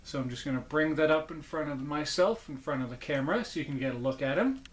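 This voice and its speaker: Talking fast in a voice on the high side, this puppet collector runs his own casual unboxing channel, full of enthusiasm, rambling, and frequent self-corrections.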